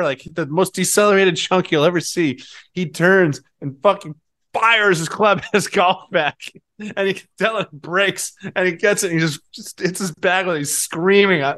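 A man with a slightly higher voice tells a story in casual chat. He laughs as he goes and acts out the people in the story with lively, shifting voices. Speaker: podcast co-host.

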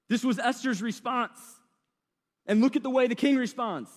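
A man's voice: extremely high pitch, normal speed, big-room sound. A man preaching a sermon, retelling the story in a casual, slangy, conversational way.

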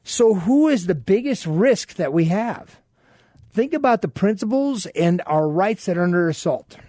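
A man's voice: high voice, expressive, a little slow, warm tone, no echo, clean studio sound. A man guest-hosting a political talk radio show, telling stories and acting out quoted exchanges. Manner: storytelling, acts out quoted exchanges.

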